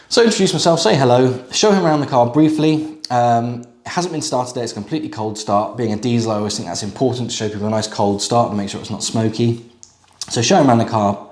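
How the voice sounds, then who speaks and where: A man's voice: on the low side, darkish tone, roomy sound. A middle-aged man, a used car dealer, casually telling a story to camera with lots of fillers and asides. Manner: chatty, conversational, with frequent fillers and asides.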